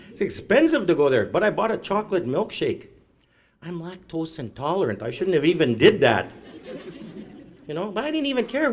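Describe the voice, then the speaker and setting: A middle-aged man doing stand-up storytelling, rambling and self-mocking, tagging "eh" onto his lines. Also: high-pitched. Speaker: comedian. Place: live event room.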